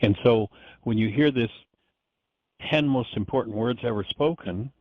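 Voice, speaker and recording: A man's voice: mid-range voice, a little slow, no echo. An older man hosting a radio show, giving a reflective spiritual talk and telling stories with frequent restarts. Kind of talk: spiritual teaching monologue. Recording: dry, dull lo-fi radio sound.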